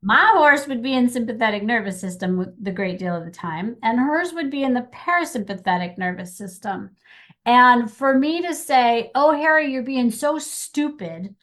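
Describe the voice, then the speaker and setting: A middle-aged woman co-hosting a podcast in casual chat, animated, acting out little quotes as she talks. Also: fairly high pitch, normal speed. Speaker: podcast co-host.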